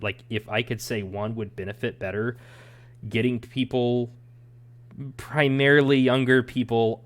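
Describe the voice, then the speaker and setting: Low-voiced man ranting on a podcast. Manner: rambling, ranting opinions. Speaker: podcast co-host. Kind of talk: casual chat.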